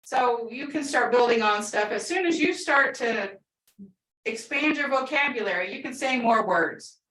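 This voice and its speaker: A woman teaching a language class over a video call. She explains patiently step by step and says each new word slowly. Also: a little high, animated, a bit bright. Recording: echoey room, distant video-call mic.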